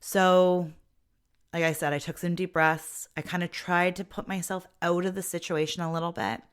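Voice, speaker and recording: A woman's voice: lowish voice, moderate pace, smooth. A middle-aged woman hosting her own podcast, talking casually and expressively about her life as a mother. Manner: chatty and expressive, with frequent "like" and an occasional laugh. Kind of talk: casual personal monologue.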